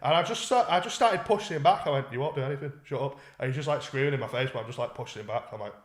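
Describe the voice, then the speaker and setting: Speaking rapid-fire and very animated at medium pitch, this co-host rambles through a profane story on the podcast, performing other people's lines as he goes. The room is echoey.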